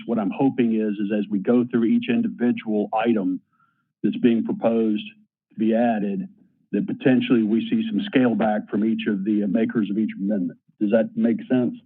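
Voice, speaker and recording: A man chairing a city council committee meeting, running votes and reading agenda items in a rattling list. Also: lowish voice. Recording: tinny phone-like meeting audio.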